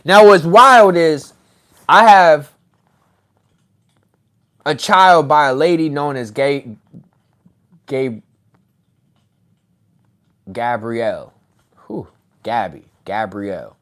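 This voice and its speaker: A man telling a story in a casual, animated way, swearing and laughing as he goes. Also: a little high, very slow, pauses often. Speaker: podcast host, regression practitioner.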